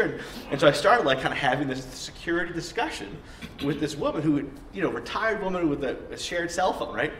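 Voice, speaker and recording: A man on a discussion panel, telling a lively story in casual conversation. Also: a little high. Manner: animated storyteller, quick and lively. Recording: echoey room, distant mic, faint noise.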